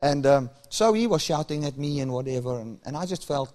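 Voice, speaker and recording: A man's voice: a little high, animated, brisk, a little mellow. A man from Africa, preaching a sermon and telling stories with chuckles while acting out dialogue. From South Africa.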